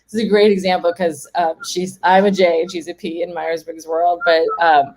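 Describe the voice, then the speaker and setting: During a casual interview chat, a woman home organizing guest talks without holding back, laughs often, and reenacts what people told her. Her voice sits on the low side and is slightly mellow, with a flat delivery and a moderate pace.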